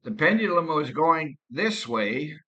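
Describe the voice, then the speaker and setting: Male vlogger, casual rambling talk with restarts, bright and somewhat high. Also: very animated, lo-fi sound. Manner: rambling, halting, with frequent restarts. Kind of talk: casual personal monologue.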